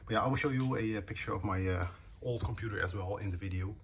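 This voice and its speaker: A man's voice: on the low side, fast talker, fairly bright tone, a little hiss or hum. Rambling man filming himself on a phone. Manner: rambling, hesitant, frequent fillers. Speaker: PC building vlogger. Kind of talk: casual self-filmed narration. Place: indoors at home, sitting on the floor. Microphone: handheld phone.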